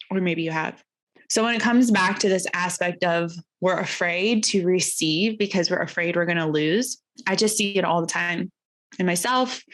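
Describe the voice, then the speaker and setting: Low-voiced woman giving an emotional monologue. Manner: emotional, confessional, sprinkled with slang and laughter. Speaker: podcast host. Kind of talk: candid motivational monologue.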